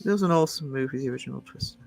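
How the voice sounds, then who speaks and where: A man's voice: mid-range voice, racing, vocal fry, soft background music, low-quality recording. A man chatting casually, telling rambling anecdotes with many fillers and restarts. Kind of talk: casual chat.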